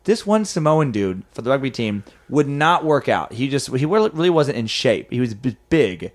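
Animated man telling stories with profanity. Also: medium pitch, moderate pace. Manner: animated storytelling, profane, with frequent restarts. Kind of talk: casual comedy podcast chat.

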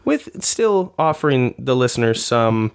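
A man co-hosting a casual comedy podcast, with a mid-range voice that sits around average pitch. He is crude and giggly and keeps breaking into laughter as he reads a news piece aloud. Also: very animated, measured pace, vocal fry, smooth. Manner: giggly, crude, laughs through his reading. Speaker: podcast co-host.

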